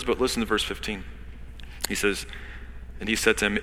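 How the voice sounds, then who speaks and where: Bright-voiced pastor in an echoing church. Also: male voice, fairly low pitch, fairly even intonation, moderate pace, pauses often. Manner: conversational, with asides to the congregation; dramatic scripture reading, swinging between loud and hushed. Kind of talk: sermon.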